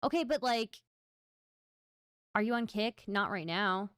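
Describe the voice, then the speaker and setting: Expressive and a little slow, this woman's mid-range voice sounds slightly bright and clean. Hosting a livestream, she chats playfully with viewers, teasing herself and speaking straight to chat, in a dry, studio-quality recording.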